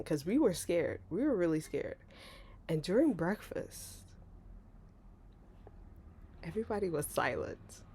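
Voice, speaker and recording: A young woman vlogger telling a story casually, animated and laughing, acting out voices with big jumps. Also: low voice, vocal fry.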